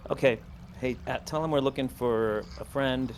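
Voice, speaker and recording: A man's voice: medium pitch, moderate pace, soft background music. A man playing a tabletop game, talking casually and questioning the others in a cautious way. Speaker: player.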